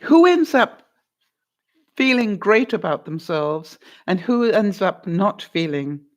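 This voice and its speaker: A woman hosts an advice vlog, coaching a guest through a hard conversation in a mid-pitched voice. She is encouraging and playful, laughs often, and keeps checking in with "all right?" and "makes sense?". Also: sing-song, slow pace. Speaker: vlogger giving life advice.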